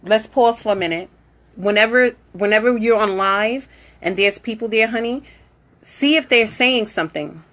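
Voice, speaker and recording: A woman's voice: fairly high pitch, normal speed. A woman hosting a casual live video, chatting, reading out viewer comments and coaching her daughter in a motherly way. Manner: chatty, reads out viewer comments and greets them warmly. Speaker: livestream host.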